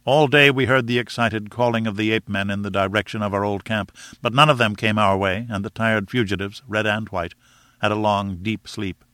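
A man reading an adventure novel aloud as narrator, in a measured, steady storytelling manner. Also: fairly low pitch, dry recording. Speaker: audiobook reader. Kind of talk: scripted narration.

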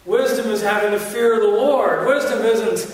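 A man's voice: sits high, normal speed. A male pastor preaching a sermon, emphatic and repetitive, with joking self-mocking asides to the congregation. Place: church sanctuary. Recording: echoey church hall from far off, faint noise.

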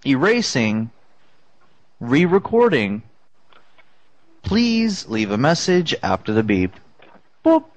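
A man voicing an automated voicemail system during a prank call, reading prompts in a slow, low monotone. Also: no room sound. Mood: robotic. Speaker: prank caller.

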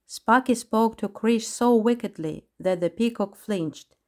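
A woman narrating a children's storybook in a measured, unhurried reading voice. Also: fairly high pitch, darkish tone.

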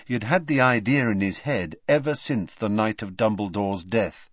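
A man reading a story aloud as audiobook narrator in a measured, expressive way. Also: fairly low pitch, no room sound. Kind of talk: scripted narration. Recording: slightly dull, dry audiobook recording.

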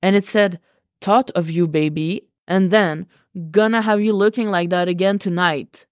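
A woman's voice: lowish voice, steady tone, normal speed, no echo, clean studio sound, natural voice. A woman reading a podfic, voicing an incredulous young man who needles his friend.

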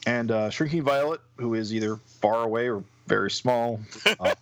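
A man's voice: medium pitch, normal speed, dull audio. A man co-hosting a podcast, reading a comic aloud and narrating with wry, chuckling asides. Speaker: podcast co-host.

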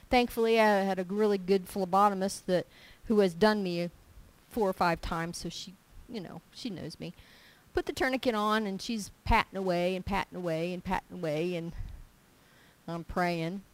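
A woman's voice: mid-range voice, low-quality recording. A woman giving an informal sermon full of personal stories, talking emphatically and repeating her key points. She acts out small dialogues in her own voice as she goes. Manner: animated storytelling, acting out little dialogues in her own voice; emphatic and repetitive. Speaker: preacher.

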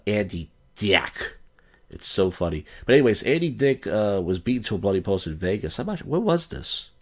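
A low, husky male voice, rambling and crude as he comments on clips. He talks in a loose, mocking way, often trailing off with fillers. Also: darkish tone. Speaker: streamer. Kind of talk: casual commentary over clips.

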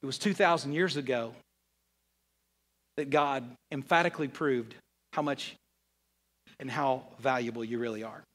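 A man, preaching a sermon as pastor and swinging from hushed to loud, emphatic lines. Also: medium pitch, moderate pace, long pauses. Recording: long hall reverb.

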